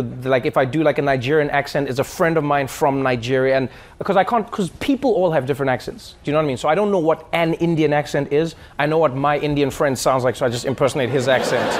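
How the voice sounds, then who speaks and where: A man doing stand-up comedy, telling stories with lively voice impressions. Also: a little high. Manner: animated storytelling with playful voice impressions. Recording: live room with crowd noise.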